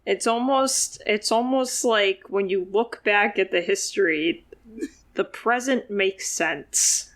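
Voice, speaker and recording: A woman's voice: medium pitch, slow pace. A woman co-hosting a comedy podcast, adding wry joking remarks in casual banter. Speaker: podcast co-host.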